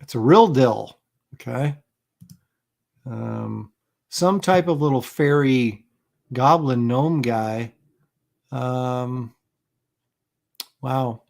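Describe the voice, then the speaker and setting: A middle-aged man hosts a laid-back livestream, chuckling and rambling as he reacts to clips and reads out viewer comments. His voice has a gravelly, fry-laden edge at an ordinary pitch. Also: takes it slowly, long pauses, a little mellow. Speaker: livestream host. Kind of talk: casual livestream chat.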